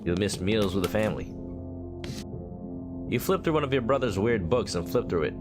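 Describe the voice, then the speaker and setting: A man's voice: fairly low pitch, animated, normal speed, over music. A male game streamer reading game text aloud and joking, slipping into a mock southern drawl.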